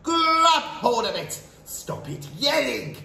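A man's voice: big pitch swings, slow, vocal fry, bright, forceful tone, heavily acted. A man voicing a cruel female witch leader who shrieks orders while reading a storybook aloud. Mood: commanding. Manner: shrill, barking orders. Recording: roomy echo, faint hiss.

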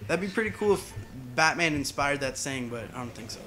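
A man's voice: a little high, expressive, fairly quick, pushed and bright, a little hiss or hum. Rambling man's chatty game commentary. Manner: rambling, chatty, side tangents. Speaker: gaming channel host. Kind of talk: casual gameplay commentary.

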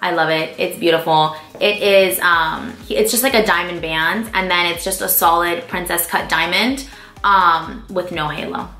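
Speaking in a lowish, fairly even voice that's pushed and bright, this young beauty vlogger chats casually at a normal pace while answering viewer questions, sprinkling in plenty of "like" and "um." Faint music plays in her echoey room.

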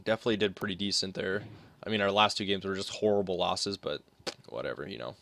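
Bright-voiced rambling young gamer guy. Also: low voice, fast talker, gravelly, a little hiss or hum. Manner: rambling, filler-heavy, thinking aloud. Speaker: gaming commentator. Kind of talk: casual gameplay commentary.

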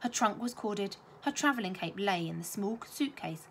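A woman teacher reading a children's novel aloud with expressive storytelling. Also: medium pitch, normal speed, few pauses, a little hiss or hum.

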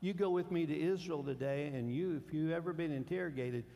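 A male pastor preaching a sermon, animated, swinging between hushed and loud. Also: fairly high pitch, brisk, creaky. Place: church sanctuary. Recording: long church hall reverb.

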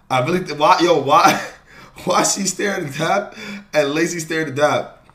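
A young man streaming a live reaction, talking in slang and swinging from low mutters to loud excited shouts. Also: moderate pace. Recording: roomy echo with faint noise.

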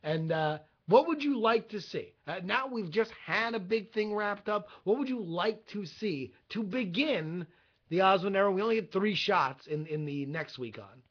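A man's voice: high-pitched, expressive, moderate pace. A young man co-hosting a casual fan podcast, joking and teasing. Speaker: podcast co-host. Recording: dull lo-fi livestream audio.

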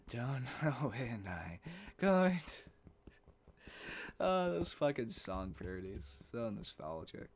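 A man giving casual, profane, joking commentary while playing a game, talking to himself and mumbling asides. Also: deep voice. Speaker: let's play gamer.

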